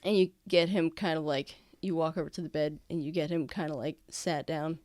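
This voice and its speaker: A woman game master narrating a tabletop game in a smooth, clear voice that sits a little low. She is close and dry on the mic, and her delivery is casual and halting, full of fillers. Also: fairly even intonation, a little mellow, no room sound.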